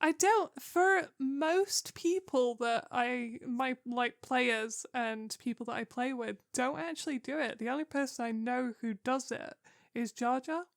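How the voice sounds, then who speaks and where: A woman's voice: sits high, unhurried, vocal fry, dry recording, clean studio sound. A young woman co-hosting a podcast and talking as a game master, hesitant and full of "um"s. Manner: hesitant, with frequent "um"s and laughter. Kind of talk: casual chat.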